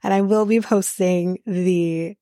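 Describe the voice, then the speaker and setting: A woman's voice: fairly low pitch, steady tone, takes it slowly, warm tone, no echo, studio quality. A young woman hosting a casual podcast, recapping a reality show in a chatty, rambling way with frequent swearing and fillers.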